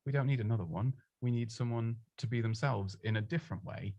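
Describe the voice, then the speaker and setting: A man giving casual, chatty advice on presenting, self-deprecating and prone to quick restarts. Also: medium pitch, a little mellow, no room sound, highs cut off. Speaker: presenting coach. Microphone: close studio microphone.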